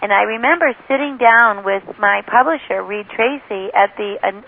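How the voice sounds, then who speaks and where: A woman's voice: medium pitch, moderate pace, vocal fry, faint music behind. A woman author and spiritual teacher giving an interview, telling stories with enthusiasm and often quoting other people. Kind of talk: phone interview, teaching talk. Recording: tinny phone line.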